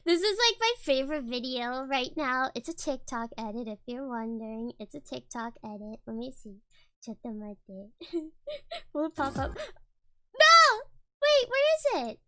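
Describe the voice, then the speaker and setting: Young woman streamer: very high, bright, giggly, rambling casual chat over faint music. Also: animated, moderate pace. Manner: giggly, rambling, laughs often.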